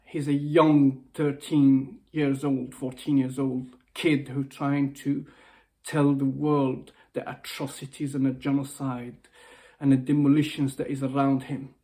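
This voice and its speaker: A male motivational speaker records an impassioned personal video message, upset and close to tears. His mid-range voice is warm and unhurried with little pitch movement, and he pleads, repeats himself and restarts his phrases.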